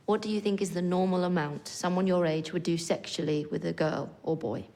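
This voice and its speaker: An actress playing a psychologist who asks calm, probing questions in a TV drama. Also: female voice, lowish voice, brisk, close to an everyday voice. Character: composed adult female psychologist. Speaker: psychologist interviewing a boy. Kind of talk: TV drama acting.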